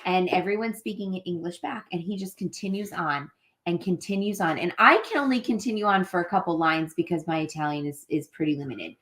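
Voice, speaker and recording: A woman's voice: fairly low pitch, brisk. A woman co-hosting a casual live travel chat, telling stories with lots of laughter. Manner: animated storytelling, laughs often.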